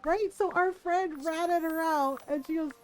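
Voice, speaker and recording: A woman's voice: very high-pitched, unhurried, darkish tone. A woman livestreaming a game, telling a story casually and animatedly, laughing often and acting out what people said.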